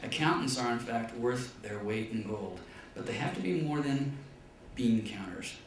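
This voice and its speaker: A man's voice: expressive, moderate pace. Man, business lecturer, storyteller, big room echo, faint hiss. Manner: storytelling, acts out dialogue in a high voice. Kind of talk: classroom business talk with anecdotes. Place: classroom or lecture hall. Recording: echoey room, far from the mic, faint noise.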